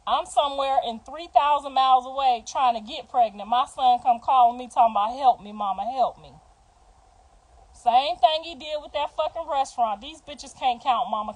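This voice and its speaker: A middle-aged woman talks straight into her phone on a livestream, her voice sitting high. She tells family stories bluntly and profanely, acting out what everyone said. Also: poor audio. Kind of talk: livestream storytelling.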